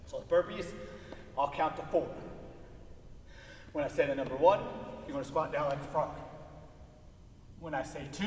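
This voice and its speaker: A man teaching PE, leading a home workout. He talks upbeat and encouraging and counts reps aloud. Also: on the high side. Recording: echoey room from far off, faint noise.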